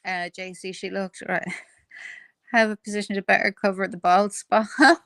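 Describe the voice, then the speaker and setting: A woman's voice: medium pitch, fairly even intonation, moderate pace, gravelly, a bit bright, no echo, clean studio sound. A woman hosting a casual live stream, reading viewer comments with sarcasm, frequent swearing and laughter. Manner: sarcastic and profane, laughing often.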